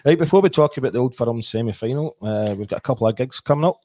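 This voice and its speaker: A man's voice: mid-range voice, animated, quick pace, a little mellow, no room sound. A Scottish man hosting a casual football podcast, jokey and chuckling as he moves through the segments. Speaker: podcast host.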